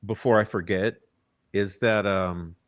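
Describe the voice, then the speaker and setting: A man's voice: on the low side, fairly even intonation, unhurried. A man hosting a casual livestream commentary, insistent and repeating his words as he argues a point. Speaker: livestream host.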